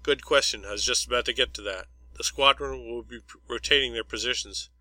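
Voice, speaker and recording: A man voicing a calm, good-humored male squad leader giving a steady briefing in a storybook reading. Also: medium pitch, fairly quick, no echo, low-quality recording. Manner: steady, matter-of-fact briefing.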